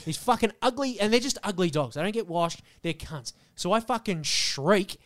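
A young man on a podcast, telling a story in casual banter with lots of swearing and animated, rambling energy. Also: high-pitched, moderate pace. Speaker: podcast co-host.

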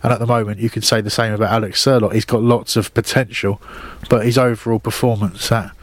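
A man co-hosting a casual football podcast, chatty and quick to laugh. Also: lowish voice, little pitch movement, no echo. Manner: chatty, restarts, fond of laughing. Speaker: podcast co-host.

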